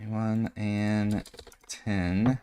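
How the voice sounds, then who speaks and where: A man running a tabletop game as game master, narrating in an animated, loose way with many fillers. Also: lowish voice, drawn-out words, clean tone.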